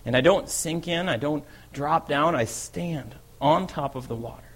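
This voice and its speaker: A man's voice: a little high, moderate pace, fairly bright tone, husky. A man playing a bold, eager fisherman apostle. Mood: wondering. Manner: conversational storytelling, often asks "right?". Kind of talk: first-person dramatic monologue.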